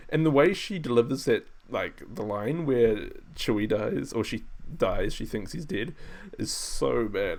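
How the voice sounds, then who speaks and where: A man's voice: medium pitch, animated, a little slow, gravelly. A man streaming, rambling through casual film commentary, laughing often and mocking what he watches.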